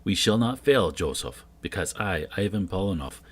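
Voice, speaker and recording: A man's voice: low voice, lively intonation, normal speed. A man reading a gloating male villain. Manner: gloating, self-important.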